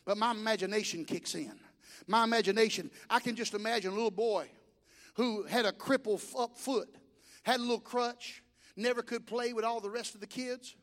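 Male pastor, sermon, very high voice, storytelling, builds to shouting. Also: fairly quick. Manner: storytelling and exhorting, rising to shouts.

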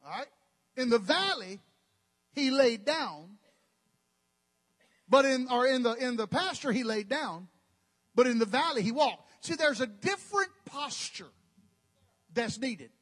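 High-voiced preacher in a reverberant hall. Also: male voice, lively intonation, unhurried, long pauses, fairly bright tone. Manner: emphatic preaching, folksy and joking asides. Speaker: pastor. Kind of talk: sermon.

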